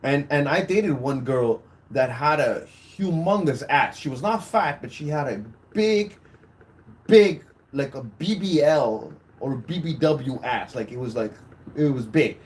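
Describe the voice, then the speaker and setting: In this casual one-man podcast, a young host tells crude, meandering stories and cracks himself up along the way. He talks in a mid-range, animated voice at a measured pace, over a little hiss or hum.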